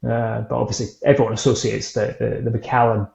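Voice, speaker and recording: A man's voice: mid-range voice, little pitch movement, fast talker, creaky, darkish tone. A man from Scotland with an Edinburgh accent, a guest chatting casually in an interview and telling stories with frequent laughs. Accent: Edinburgh Scottish. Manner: chatty storyteller, laughs often. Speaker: guest, whisky author. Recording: echoey room, dull lo-fi sound.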